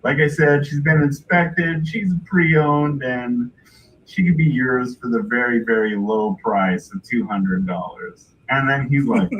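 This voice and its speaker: A man's voice: mid-range voice, unhurried. A man hosting a livestream, telling a story casually, with lots of laughter and "like". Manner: laughing, animated anecdote with filler "like". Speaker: livestream host. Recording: distant muffled mic with faint hiss.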